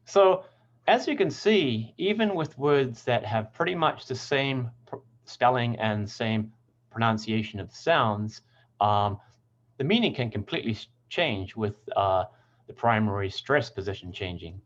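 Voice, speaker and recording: A man teaching English pronunciation in a scripted lesson, speaking clearly and deliberately and stressing example words. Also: medium pitch, expressive, dull audio.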